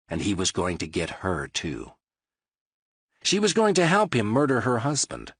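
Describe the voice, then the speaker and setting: A man narrates a crime novel in an expressive storytelling read. His voice sits low and husky, with lively swings in pitch. The recording is close and dry. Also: no room sound. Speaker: audiobook narrator. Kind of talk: scripted narration.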